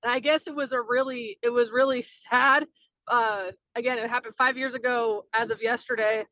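Bright high woman co-host chatting, kinda rambly, dry mic. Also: steady tone, normal speed, no echo, low-quality recording. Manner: chatty, explanatory, with fillers. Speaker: podcast co-host. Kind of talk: casual chat, explaining a segment.

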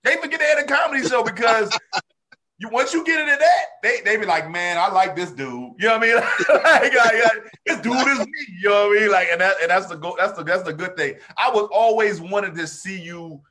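A man's voice: high-pitched, brisk. A man in casual conversation as a comedian, telling stories animatedly and acting out crowd reactions. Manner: animated storyteller, acts out crowd voices. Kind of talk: casual chat.

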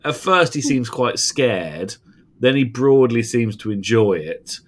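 A man talking in relaxed conversation, with a middle-pitched voice. He tells the story with energy and emphasis. He often stops and restarts his sentences as he chats with his co-host. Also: takes it slowly. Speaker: podcast co-host. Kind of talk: casual chat.

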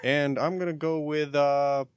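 A man's voice: a little high, fairly even intonation, a little slow, smooth, no echo. Hesitant man in dry podcast banter. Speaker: podcast co-host. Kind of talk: casual chat among friends.

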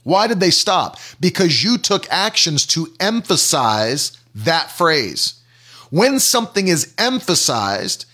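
Animated man preaching a sermon. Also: on the high side. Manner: teaching with questions and examples, repeats phrases for emphasis.

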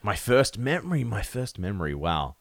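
Young man, low-pitched, relaxed chatty guest, laughs often. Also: normal speed, vocal fry, no echo. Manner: laid-back, laughs often, rambling with fillers. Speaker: podcast guest, metal musician. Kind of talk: casual chat.

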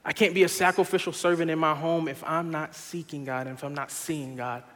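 A young man preaching an earnest sermon to his church, moving from quiet urging to loud, laughing stories about family life. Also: on the high side, steady tone, brisk, big-room sound. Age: young adult. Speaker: pastor.

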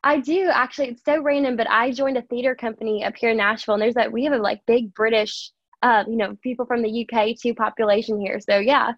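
A woman's voice: on the high side, steady tone, fast talker, dry recording, muffled recording. A young woman with a Southern American accent, chatting as an interview guest in a bubbly, giggly way. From USA. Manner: bubbly, giggly, says "y'all". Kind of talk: casual interview chat.

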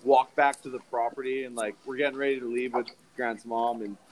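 A man's voice: medium pitch, flat delivery, brisk, darkish tone, slight background noise, poor audio. Profane, laughing young man telling stories. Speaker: podcast co-host. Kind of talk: casual storytelling chat.

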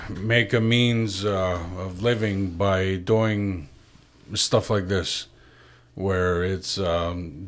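Low-voiced man asking a slow question. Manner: searching and hesitant, many fillers while forming a question. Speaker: podcast host. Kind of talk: casual podcast interview.

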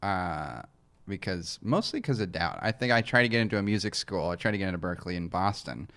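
A man co-hosting a podcast, chatting casually with many pauses and fillers. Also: sits low. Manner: relaxed, hesitant with many fillers. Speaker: podcast co-host and musician. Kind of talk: casual chat.

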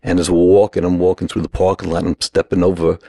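A middle-aged man tells a story with plenty of energy and acts out every quoted line. His voice sits very low and has a gravelly edge. The sound is dry and close, with no room echo. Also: quick pace. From New York. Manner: animated anecdote-teller, acts out quoted lines. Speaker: guest. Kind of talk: casual storytelling.

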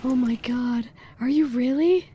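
A woman's voice: high voice, a little slow, mellow, breathy edge. A woman host on a comedic prank phone call, bossy, teasing and mock-seductive. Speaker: prank caller, podcast host.

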